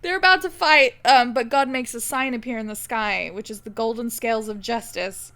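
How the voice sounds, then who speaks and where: A woman's voice: a little high, moderate pace, pushed and bright. A young woman co-hosting a podcast, recapping a classic book in an irreverent, giggly way and acting out the characters. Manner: irreverent, giggly, acts out characters in silly voices. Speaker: podcast co-host. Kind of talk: casual comedic book recap.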